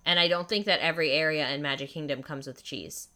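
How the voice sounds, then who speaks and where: Bright, clear-voiced young woman chatting. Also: low voice, steady tone, fast talker. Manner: chatty, enthusiastic, lots of "like". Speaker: podcast host. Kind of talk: casual chat.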